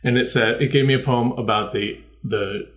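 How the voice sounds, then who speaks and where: A man's voice: mid-range voice, fairly even intonation, moderate pace, roomy sound. A man co-hosting a casual podcast, telling a long, rambling, self-correcting story. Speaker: podcast co-host. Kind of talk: casual chat.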